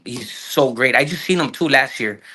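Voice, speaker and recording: Bright-voiced South LA man telling stories. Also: medium pitch, normal speed. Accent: South Los Angeles. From South Los Angeles. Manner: slangy, profane, animated storyteller who acts out quotes. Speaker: guest actor. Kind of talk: casual storytelling interview.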